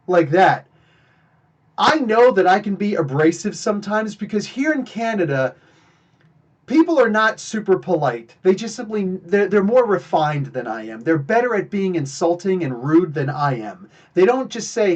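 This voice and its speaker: An animated, high-voiced man from New Jersey, USA, hosts a podcast live from his home setup in Canada, mixing storytelling with talk to chat viewers between anecdotes. He speaks at a moderate pace.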